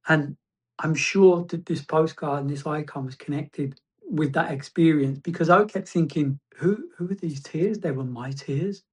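A man sharing a personal testimony as a guest, reflective and halting, often restarting his phrases. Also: fairly high pitch.

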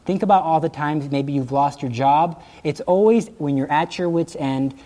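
A middle-aged man giving a lively religious talk, telling stories and laughing at his own jokes. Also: on the high side, normal speed. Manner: animated storytelling, acting out quotes, laughing at his own jokes.

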